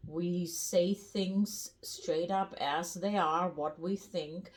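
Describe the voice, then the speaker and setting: An older woman with a German accent chats to camera about her life. She speaks slowly and bluntly, with plenty of fillers. Her voice sits a little low. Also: steady tone. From North Rhine-Westphalia, Germany. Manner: blunt, chatty, rambling with fillers. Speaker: cooking vlogger. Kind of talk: casual storytelling to camera.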